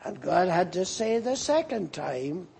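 A man's voice: high-pitched, big pitch swings, measured pace, vocal fry, darkish tone, husky. A man preaching a sermon and animatedly voicing the scripture figures as he retells the story.

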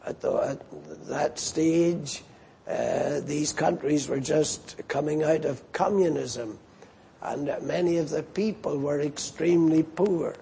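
An older man preaching a sermon, slow and deliberate, stressing quoted lines. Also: fairly high pitch, vocal fry, dark tone, slight background noise.

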